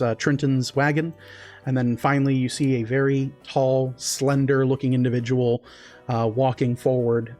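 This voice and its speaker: A man's voice: medium pitch, darkish tone. A man narrating as game master, hesitant, with many fillers.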